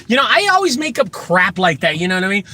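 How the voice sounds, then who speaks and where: A man who runs a junk removal business, telling animated, joking stories full of asides as he gives casual advice. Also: high voice, quick pace. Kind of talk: casual storytelling advice talk.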